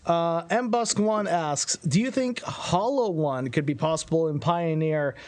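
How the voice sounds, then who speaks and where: Brisk high-voiced male moderator. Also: darkish tone. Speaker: host. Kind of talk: reading viewer questions on a live stream.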